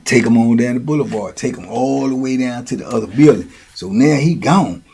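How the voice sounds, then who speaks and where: A middle-aged man telling prison stories in a slangy, animated way. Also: medium pitch, brisk, gravelly. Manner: slangy, animated, lots of "you know what I'm saying". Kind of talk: casual storytelling.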